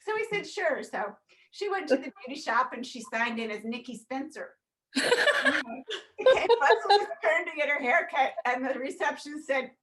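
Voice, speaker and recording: A woman on a family video call telling a lively, funny story about her sister-in-law. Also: high-pitched, normal speed, slight background noise. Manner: animated storyteller. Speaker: relative.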